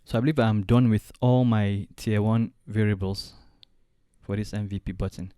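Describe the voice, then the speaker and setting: A man walking through a design software tutorial step by step, thinking aloud as he clicks along. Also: fairly low pitch, fairly even intonation, moderate pace, smooth, no echo, studio quality. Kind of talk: screen-recorded software tutorial.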